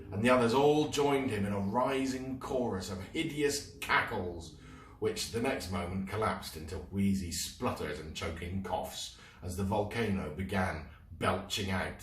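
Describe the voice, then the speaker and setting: A man reading a children's book aloud in an expressive storytelling voice. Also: deep voice, slight background noise. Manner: expressive, slow read-aloud. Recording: roomy room, mic at a distance.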